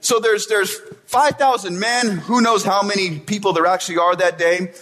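A pastor with a high-sitting, somewhat bright voice preaches a sermon at normal speed. His style is casual and conversational, often checking in with listeners through tag questions like "right?"

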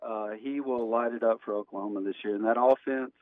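A male pastor, a guest, telling stories in relaxed, plainspoken casual chat. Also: mid-range voice, a little fast, no room sound. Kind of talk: casual chat over a phone line. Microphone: phone. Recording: tinny phone line.

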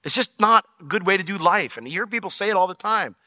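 A man pastor teaching a verse-by-verse sermon in a conversational, animated way, acting out quotes with sudden jumps in pitch. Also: fast, no echo, studio quality.

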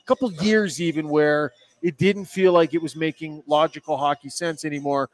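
A man's voice: on the high side, fairly even intonation, normal speed, no room sound, soft background music. A man co-hosting a casual sports talk show, joking and teasing his co-host and producer.

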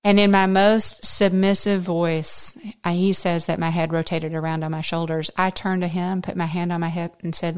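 Smooth, low-voiced woman telling her story. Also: moderate pace, few pauses. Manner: lively storyteller who acts out quoted speech; earnest and faith-centered. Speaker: podcast host. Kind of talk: personal storytelling monologue.

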